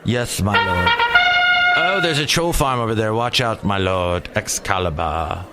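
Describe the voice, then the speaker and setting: A man's voice: lowish voice, animated, unhurried, over loud music, pitched below the performer's own voice. A man putting on a mock-solemn old English servant voice with a British accent. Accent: put-on British. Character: old-fashioned English servant addressing his lord.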